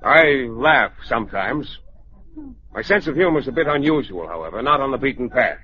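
A man's voice: medium pitch, expressive, normal speed, husky, no echo. An actor playing a vain, eccentric male painter with a grand, theatrical, mocking manner, in 1940s radio sitcom style. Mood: gleeful. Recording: dull lo-fi old radio recording.

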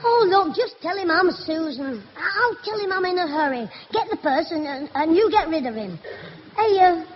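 A performer playing a cheeky, mischievous schoolboy in a radio sitcom, full of quick comebacks. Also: very high voice, expressive. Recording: muffled old radio recording, loud hiss.

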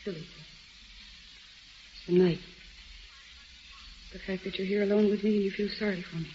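An actress playing a weary, soft-spoken young wife in a 1940s radio drama, on a dull old recording. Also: female voice, mid-range voice, fairly even intonation, moderate pace, slight background noise, lightly acted. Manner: soft and resigned.

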